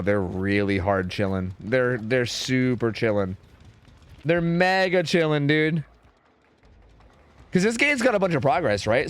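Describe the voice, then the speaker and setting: A man streaming and casually commentating a competitive match, chatty and profane, thinking out loud. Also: mid-range voice.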